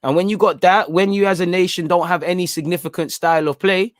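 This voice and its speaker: A young man hosting a live football watchalong, talking in an animated, slangy, opinionated way. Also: sits high, fast talker, no room sound, clean studio sound. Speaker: football channel host. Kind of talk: live match watchalong commentary.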